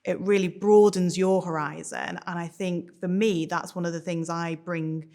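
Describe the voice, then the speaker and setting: A woman's voice: fairly low pitch, fairly even intonation, moderate pace, dark tone. A woman barrister explaining her view thoughtfully in a documentary interview.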